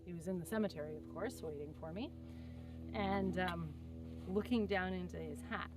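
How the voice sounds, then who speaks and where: A woman's voice: lowish voice, moderate pace, music in the background. A young woman telling rambling stories in a casual, chatty way while working on a fence outdoors. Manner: rambling, chatty, with many fillers and asides.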